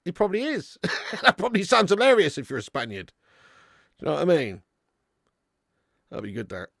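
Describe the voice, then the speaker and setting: A man's voice: high voice, huge pitch swings, normal speed, gravelly, a bit bright, dry recording, clean studio sound. A man hosting a live football watch-along, chatting casually, reading out viewer messages and laughing often. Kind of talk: casual live match commentary.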